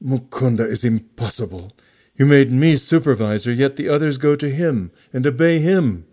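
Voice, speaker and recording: Guy doing a whiny petty young monk, louder and higher, kinda put-upon. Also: animated, normal speed, natural voice. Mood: complaining. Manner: complaining, indignant. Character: resentful young male disciple, petty and whiny.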